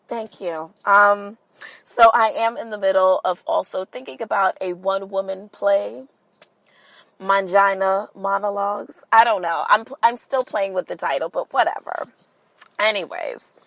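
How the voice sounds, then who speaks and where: A woman's voice: mid-range voice, a little slow, creaky, a bit bright, dry recording, rough recording. A woman hosting a casual solo podcast, talking straight to her listeners in a candid, sassy and profane way. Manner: playful, talks straight to listeners. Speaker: podcast host.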